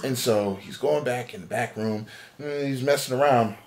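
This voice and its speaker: A man's voice: mid-range voice, normal speed, darkish tone. A man casually retelling a game theory as a story, acting out a panicked character's inner voice. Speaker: podcast co-host. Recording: amateur podcast recording.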